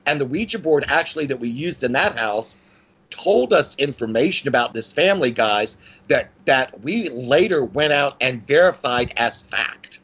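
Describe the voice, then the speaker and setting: Male guest, lively conversational storyteller with a mid-range voice. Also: moderate pace, husky, muffled recording. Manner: animated, with frequent pitch swings and restarts.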